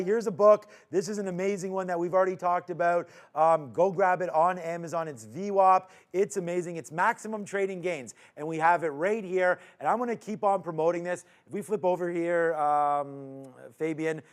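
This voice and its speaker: A man hosting a live market recap show, chatting casually and joking between stock calls. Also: high voice. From Canada. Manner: upbeat, joking, quick asides. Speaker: host.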